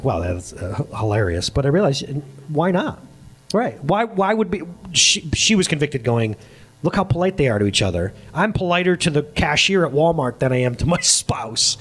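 A middle-aged male pastor delivers a sermon in a fairly high voice. His pitch swings widely as he talks in an animated way. He laughs easily and slips into the voices of the people he quotes.

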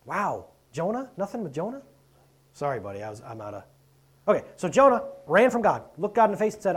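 A man delivers a sermon in an easygoing, conversational way. His voice sits a little high and sounds husky, and his pitch climbs and drops freely as he asks the congregation questions. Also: sing-song, moderate pace. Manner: conversational preaching with rhetorical questions, swings between loud and soft. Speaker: pastor.

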